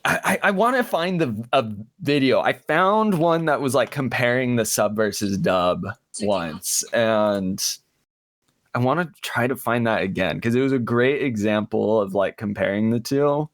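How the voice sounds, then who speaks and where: Halting male podcaster, dry close sound. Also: medium pitch, lively intonation, dry recording. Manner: halting, many restarts and "like" fillers. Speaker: podcast co-host. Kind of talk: casual chat.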